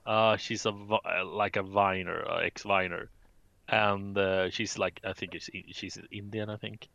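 A man's voice: fairly low pitch, fairly even intonation, a little slow, vocal fry, bright, forceful tone, dry recording, lo-fi sound. A man co-hosting a casual gaming chat, joking, swearing and rambling through stories. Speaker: podcast co-host.

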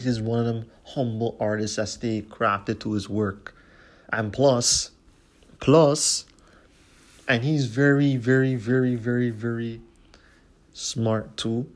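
A man hosting his own podcast, talking casually in a profane, slangy way and often repeating "you know what I'm saying". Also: medium pitch. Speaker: podcast host. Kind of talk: casual solo podcast talk.

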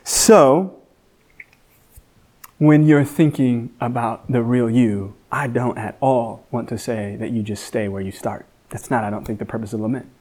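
A man giving a sermon as guest teacher, earnest, rising high and loud for emphasis and dropping soft when reflective. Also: steady tone, unhurried. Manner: frequent fillers and restarts.

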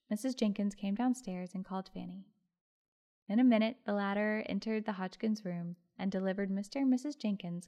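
A woman narrating a classic story for an audiobook. Her reading is lively, with little asides to the listener. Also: mid-range voice.

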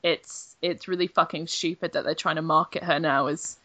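A woman's voice: low-pitched, fairly even intonation, moderate pace, fairly bright tone, no echo. A woman in her twenties, a games journalist chatting bluntly and animatedly on a podcast, swearing freely. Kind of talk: casual podcast chat.

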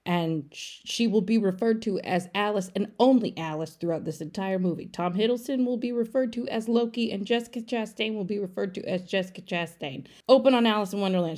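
A woman's voice: on the low side, darkish tone. Chatty irreverent woman recapping a film. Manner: irreverent, chatty, swears casually. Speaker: podcast segment recapper. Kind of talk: casual comedic movie recap.

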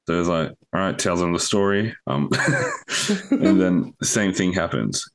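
A man's voice: deep voice, moderate pace. A young man co-hosting a podcast, telling a long joke in casual, sweary storytelling. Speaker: podcast co-host.

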